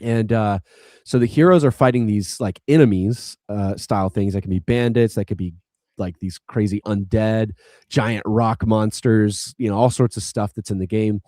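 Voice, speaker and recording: A man's voice: lowish voice, steady tone, normal speed, dark tone. A man talks through a video game plot on a podcast, rambling along with many likes and restarts. The sound is dry and close, with no room echo. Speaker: podcast co-host. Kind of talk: casual chat retelling a game story.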